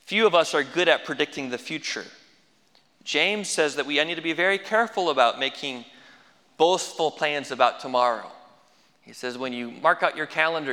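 A man's voice: medium pitch, pushed and bright, long reverb tail. A man preaching a sermon as pastor, folksy with dry humorous asides.

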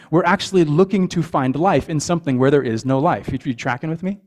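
A man's voice: fairly high pitch, a little mellow. Male pastor, earnest sermon delivery, conversational, repeats words, checks in with the congregation.

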